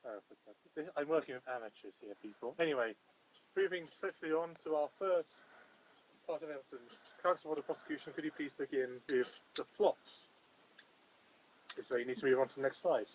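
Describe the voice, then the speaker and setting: A man's voice: on the high side, brisk, husky, poor audio. Man playing a bossy mock judge. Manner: mock-stern, bossy, dry. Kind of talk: comedic podcast chat.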